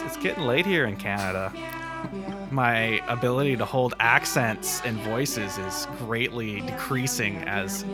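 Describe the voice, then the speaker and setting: A man guesting on a podcast, joking theatrically and poking fun at himself. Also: lowish voice. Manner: self-mocking, jokey, theatrical. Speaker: podcast guest, game composer. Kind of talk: casual podcast chat. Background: music.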